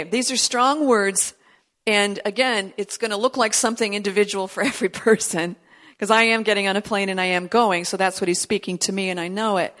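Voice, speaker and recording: A woman's voice: medium pitch, fairly bright tone. Earnest woman preaching a sermon. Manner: earnest, emphatic preaching with rising intensity on quoted prophecy; frequent restarts and fillers. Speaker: pastor.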